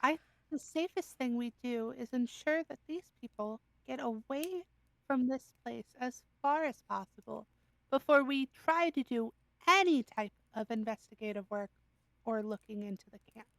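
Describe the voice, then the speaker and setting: Measured careful adventurer, as a woman player puts her on, high, dry. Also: gravelly, fairly bright tone, no room sound. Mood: cautious. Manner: measured, reasoning. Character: calm cautious woman adventurer, Octavia.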